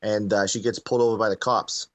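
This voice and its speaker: A man's voice: lowish voice, little pitch movement, fast talker, fairly bright tone, no echo. A man co-hosting a live stream, laid-back, telling a joke with hesitant fillers. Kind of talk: casual joke-telling banter.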